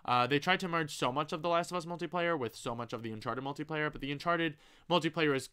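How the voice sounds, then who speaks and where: Chatting casually while reading out his viewers' comments, a young streamer gushes with excitement and swears once in a while. He's a fast talker with a smooth, fairly high-pitched voice.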